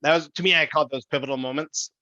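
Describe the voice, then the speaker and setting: A male podcast host reflects back on his guest's story with enthusiastic affirmation. His voice is bright and forward, recorded dry and a little muffled. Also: a little high, steady tone, rapid-fire, dry recording. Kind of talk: conversational podcast hosting.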